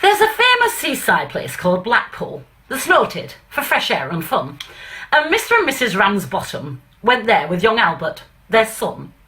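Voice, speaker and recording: A woman's voice: medium pitch, huge pitch swings, moderate pace, pushed and bright. A woman reciting a comic monologue poem in a put-on northern English accent, after a chatty introduction full of fillers.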